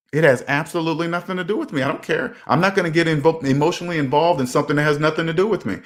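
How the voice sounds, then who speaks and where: Male finance host, slightly higher voice, emphatic and casual, acts out quotes. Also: racing, few pauses. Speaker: personal finance channel host. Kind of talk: casual advice monologue.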